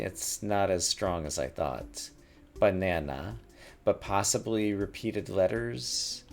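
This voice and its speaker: A man's voice: deep voice, slow pace, vocal fry, faint music behind. A man thinking aloud as he plays a word puzzle game, musing and muttering words over to himself at a desk mic. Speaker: gaming YouTuber.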